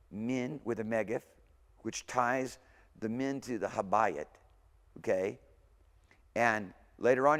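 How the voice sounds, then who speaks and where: A man giving a language lecture, chatting casually, sounding out words slowly and often checking in with okay. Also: on the low side, in a large hall. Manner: conversational, repeats words slowly for pronunciation, frequent okays. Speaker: Hebrew instructor. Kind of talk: recorded university lecture.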